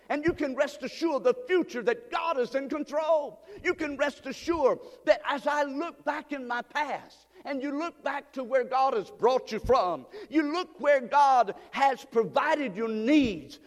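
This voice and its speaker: A male pastor preaching a sermon, building up to fervent shouted passages. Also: extremely high pitch, in a large hall.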